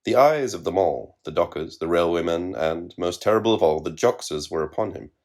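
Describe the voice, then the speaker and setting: Low-voiced man reading literary fiction. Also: expressive, darkish tone. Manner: measured, wry literary reading. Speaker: narrator. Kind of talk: scripted narration of literary fiction.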